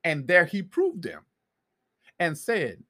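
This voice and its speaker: A man's voice: fairly high pitch, wildly swooping pitch, slow pace, sharp tone. A man preaching a sermon, reading scripture aloud and often restarting his phrases as he builds his points.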